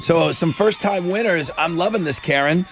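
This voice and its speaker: A man's voice: on the high side, normal speed, fairly bright tone, faint music behind. A man hosting a radio morning show, chatting energetically and rambling as he jokes with callers. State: slightly out of breath. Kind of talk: casual radio chat.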